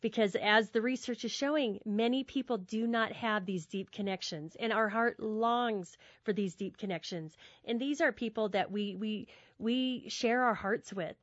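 A woman with a slightly high voice talks earnestly in a casual, conversational teaching style, often circling back and repeating words as she works out her thought. The audio is dull and very dry. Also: normal speed, few pauses, no room sound. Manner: warm, earnest, repeats words while thinking. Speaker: guest speaker on friendship.

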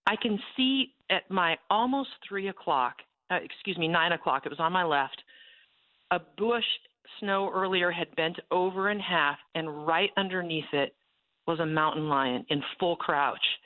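A woman's voice: fairly low pitch, measured pace, no room sound. A woman guest telling a vivid, emphatic personal story over a tinny phone line.

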